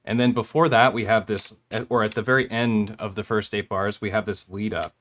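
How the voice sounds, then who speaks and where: A man's voice: lowish voice, flat delivery, normal speed, a bit bright, a little hiss or hum. A young man casually walking through how he made a track on his hardware, rambling a little and correcting himself with small laughs. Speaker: music producer demonstrating gear. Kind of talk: casual gear tutorial.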